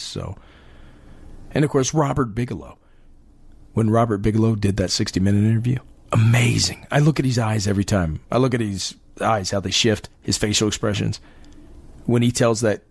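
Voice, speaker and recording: An American man hosting a paranormal talk show, rambling in an animated, casual way with lots of fillers. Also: medium pitch, gravelly, no echo. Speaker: podcast host. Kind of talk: casual monologue.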